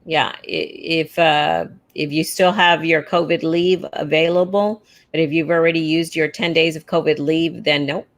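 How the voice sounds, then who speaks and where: Lowish voiced woman, sarcastic teacher chat host, kinda fed up. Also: fairly even intonation, normal speed, hardly any pauses. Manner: sarcastic, exasperated. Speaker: co-host of educators' union livestream. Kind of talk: casual chat.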